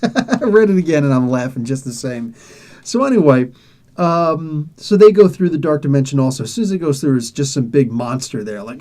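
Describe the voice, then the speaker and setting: A man's voice: fairly high pitch, animated, normal speed, mellow. A man reviewing comics, casually retelling a story with laughs and acted-out quoted lines.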